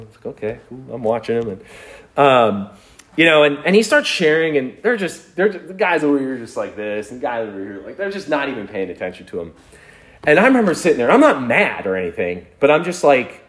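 A man's voice: medium pitch, very animated, a little fast, fairly bright tone. A man preaching a sermon in a conversational, storytelling way, chuckling now and then. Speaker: pastor.

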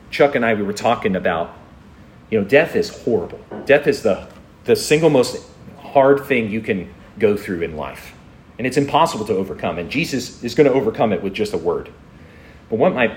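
Male preacher, lowish voice, earnest and emphatic sermon delivery. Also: slight background noise.

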